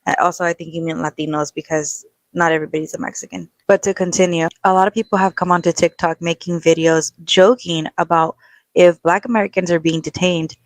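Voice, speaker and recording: A woman's voice: lowish voice, fairly even intonation, brisk, no room sound. A woman speaking earnestly to camera in a social media commentary video.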